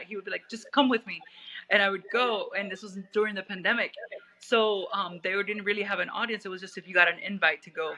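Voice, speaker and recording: Bright, gravelly-voiced woman from Puerto Rico. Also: medium pitch, poor audio. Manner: rambling, many restarts and fillers. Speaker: guest. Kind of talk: personal storytelling interview.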